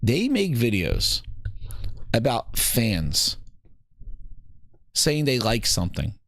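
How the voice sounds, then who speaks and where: Profane ranting man with a lively voice. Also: medium pitch, takes it slowly, gravelly, no echo. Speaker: gaming channel host. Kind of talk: solo gaming podcast rant.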